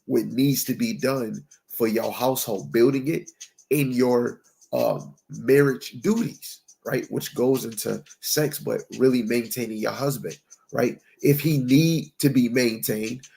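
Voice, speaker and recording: A preacher with an expressive mid-range voice, darkish and touched by vocal fry, speaks a little slowly through a conversational Bible teaching sermon. Emphatic and slangy, he keeps asking "right?" and reads scripture aloud in antiquated wording.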